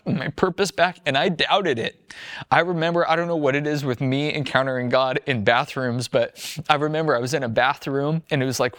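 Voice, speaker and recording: A man's voice: mid-range voice, fairly bright tone, dry recording, clean studio sound. Earnest man telling his faith story. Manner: earnest, storytelling, frequent "like" and quoted self-talk. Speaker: former firefighter sharing testimony. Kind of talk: personal faith testimony.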